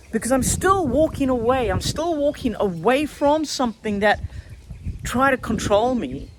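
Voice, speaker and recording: A woman telling a personal spiritual story to camera outdoors, frank and animated, swearing freely. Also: a little high. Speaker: spiritual channeller and podcaster. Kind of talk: casual storytelling vlog. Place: outdoors, standing on the ground. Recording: wind noise on the mic outdoors.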